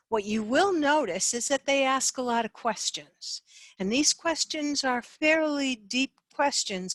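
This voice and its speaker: Slow-talking woman sales trainer, dry sound. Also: fairly high pitch, fairly bright tone, no echo. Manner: measured, clear, demonstrating tones. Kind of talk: instructional talk.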